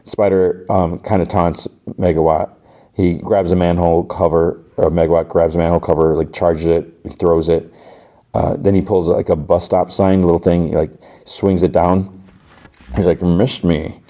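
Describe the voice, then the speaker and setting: Speaking at a moderate pace, this male podcast host has a low-pitched, warm and mellow voice. He recounts a TV episode in a casual, loose way, drifting into "like" and "uh" as he goes, and keeps the whole thing relaxed and chatty.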